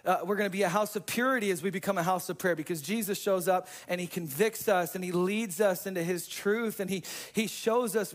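A man preaching a sermon as pastor, talking casually with slang and swinging between hushed, intimate moments and fired-up emphasis. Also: sits high, brisk, hardly any pauses.

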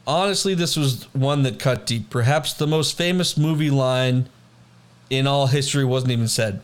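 A man's voice: mid-range voice, normal speed, clear, resonant tone. A young man co-hosting a casual chat, laid-back and rambling as he reads out trivia. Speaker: podcast co-host.

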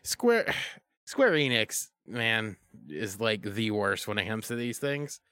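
A man co-hosting a podcast, chatting casually with quick jokes and frequent laughter. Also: lowish voice, a bit bright, smooth, no echo, clean studio sound. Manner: joking, quick quips, laughs a lot. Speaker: podcast co-host. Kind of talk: casual chat.

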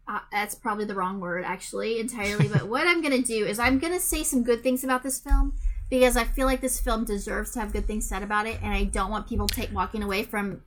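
A woman's voice: medium pitch, fast talker. A woman co-hosting a podcast, teasing her co-host in an exasperated tone and hesitating often as she gathers her thoughts. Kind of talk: casual chat, film review. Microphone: remote recording, separate room from co-host.

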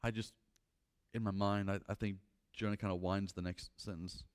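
A pastor preaching a sermon, reading scripture and commenting on it, moving between loud emphatic passages and quiet reflective stretches. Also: male voice, fairly low pitch, little pitch movement, normal speed, clear, resonant tone.

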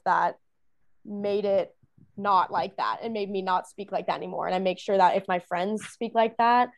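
A woman's voice: medium pitch, fairly even intonation, normal speed. A young woman talking casually as a guest, rambling with many restarts and fillers. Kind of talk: casual conversation.

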